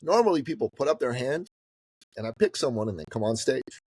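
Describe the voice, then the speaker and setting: A man in his fifties from the Middle East, a business coach telling a story as a podcast guest in a casual, animated way that swings between loud and hushed. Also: medium pitch, fairly quick, slightly rough, no echo, rough recording. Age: 50s.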